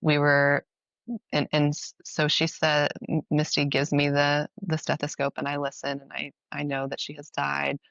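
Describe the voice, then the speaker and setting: A woman in her thirties, a mother and midwife, telling a personal story in an interview in a soft, halting, reflective way. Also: deep voice, monotone, creaky, no room sound, dull audio.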